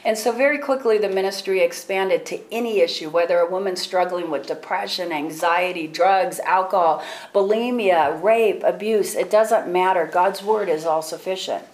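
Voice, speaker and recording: A woman leading a women's ministry, sharing a personal testimony with an audience in an animated storytelling way. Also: fairly low pitch, normal speed, poor audio. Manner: animated storytelling, acts out her own prayers and other people's words; laughs often while telling.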